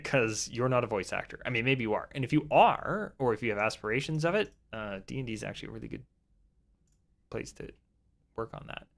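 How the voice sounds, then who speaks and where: A man's voice: medium pitch, a bit bright. A young man giving casual, rambling advice about tabletop role-playing, with frequent fillers and restarts. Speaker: tabletop game YouTuber.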